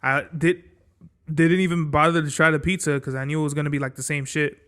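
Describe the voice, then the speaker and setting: A man's voice: on the high side, flat delivery, brisk, fairly bright tone, clear, resonant tone. A young man hosting his own podcast, telling a vacation story in a casual, blunt and heavily profane way. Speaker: podcast host.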